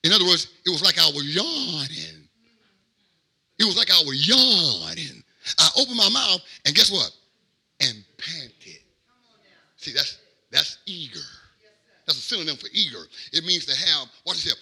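A pastor preaches, climbing from low murmurs to ringing shouts and stretching key words out slowly. His voice is high for a man and sits bright and forceful on top. A gravelly fry runs underneath it. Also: big pitch swings. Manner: preaching with swings from quiet to shouting, drawn-out emphasis; call-and-response, repeats phrases. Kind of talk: sermon.

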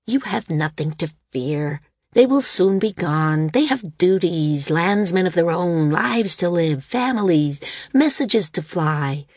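A woman's voice: fairly low pitch, expressive, takes it slowly, a little mellow, no echo, clean studio sound. A woman doing a reedy, fawning male courtier. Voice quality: reedy, thin. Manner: ingratiating, deferential. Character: thin, stooped, fawning male flyer.

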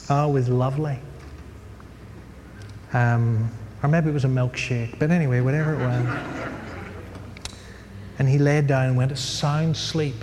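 A man's voice: medium pitch, darkish tone. A man giving a humorous Bible lecture to an audience, chatty and digressive, with many fillers and jokes. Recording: long hall reverb, faint noise.

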